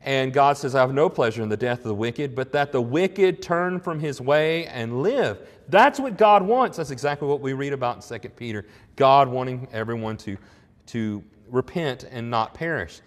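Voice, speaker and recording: Male pastor, mid-pitched, earnest conversational preaching, long hall reverb. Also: animated, moderate pace. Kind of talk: sermon.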